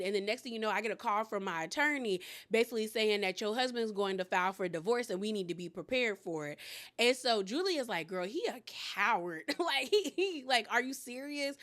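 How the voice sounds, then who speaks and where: A woman's voice: medium pitch, fairly bright tone. A young woman giving a casual, opinionated recap of a reality show, often acting out what the cast members said. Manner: chatty, opinionated, quotes others in character voices.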